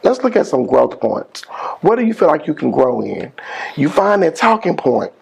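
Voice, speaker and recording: A middle-aged man, a school principal giving an energetic motivational speech with call-and-response and slangy phrasing. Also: fairly high pitch, moderate pace, vocal fry, breathy edge. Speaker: high school principal, guest speaker.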